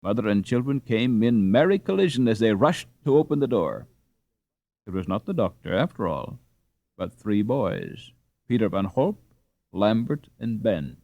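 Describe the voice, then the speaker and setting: Lively male audiobook narrator. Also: normal speed, no room sound, narrow, tinny audio. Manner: animated storytelling, lively pitch. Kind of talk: reading a classic novel aloud.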